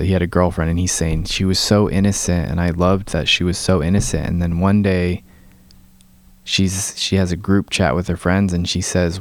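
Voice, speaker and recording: Mocking man ranting, gravelly and low. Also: dry recording, studio quality. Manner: incredulous and mocking. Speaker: vlogger. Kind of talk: ranting commentary.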